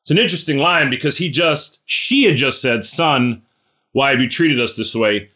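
A man preaching a relaxed, conversational sermon. He keeps checking in with the congregation and calls on listeners by name. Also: mid-range voice, moderate pace. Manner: chatty, asks listeners questions by name; animated, acts out scripture characters. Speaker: pastor.

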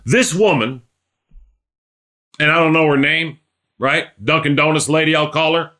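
A man's voice: on the high side, a little slow, pushed and bright. A man preaching a sermon, telling a story and building to emphatic exhortation.

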